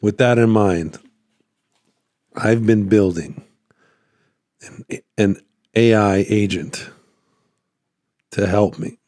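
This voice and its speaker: A man vlogging about his small business in a rambling, relaxed way, his voice a little worn. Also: lowish voice, drawn-out words, long pauses, no echo, clean studio sound. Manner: rambling, relaxed, lots of fillers and restarts. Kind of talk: casual talking-head vlog. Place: at home by his computer. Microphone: phone.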